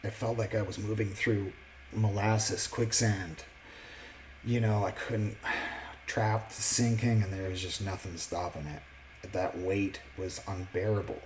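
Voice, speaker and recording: Earnest low-voiced man with halting speech. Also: fairly even intonation, slight background noise, rough recording. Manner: halting, with many restarts and fillers; earnest and reflective. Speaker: vlogger sharing his testimony. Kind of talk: casual personal testimony.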